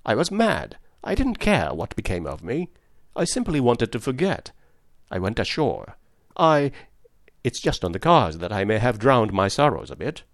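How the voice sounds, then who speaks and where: A man reading the part of a frazzled, nervous young gentleman who rambles through his story in rapid, breathless chatter. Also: mid-range voice, huge pitch swings, dry recording, clean studio sound. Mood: rambling.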